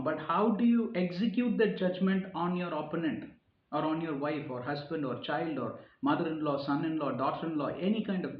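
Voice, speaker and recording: Man, earnest sermon-style talk, fairly high voice, echoey room, slightly dull sound. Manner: earnest, repeats phrases and restarts, rising emphasis on key points. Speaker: speaker giving a reflective talk. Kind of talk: informal sermon-style reflection.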